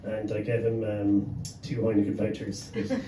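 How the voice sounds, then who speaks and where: A man's voice: lowish voice, monotone, moderate pace, dark tone. Irish man, panel storyteller, sweary and chuckling, distant mic in an echoey room, noisy background. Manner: swears freely, chuckles through his story. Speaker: panelist, gig promoter. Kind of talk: anecdotal storytelling on a live panel. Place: pub venue with a live audience.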